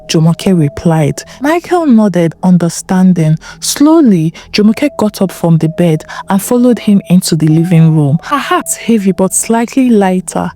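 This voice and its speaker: A woman narrating a story in an emotive, expressive way. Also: fairly low pitch, unhurried, few pauses, faint music behind.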